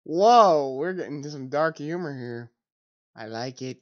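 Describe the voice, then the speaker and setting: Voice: medium pitch, normal speed, lo-fi sound. A streamer chatting casually while reacting to videos, rambling and trailing off mid-sentence. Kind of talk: casual live-stream chat.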